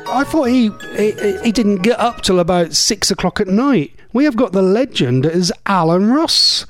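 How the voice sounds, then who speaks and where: Male local-radio presenter, chatty and rambling, fairly high, lively pitch. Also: moderate pace, faint music behind. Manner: rambling, chatty, laughs often. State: voice going hoarse. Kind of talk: casual radio chat.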